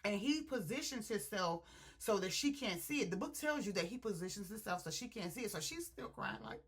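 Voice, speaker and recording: A woman reviewing a book, retelling scenes in an animated, chatty way and talking straight to her viewers. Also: medium pitch, brisk, husky. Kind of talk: casual story retelling.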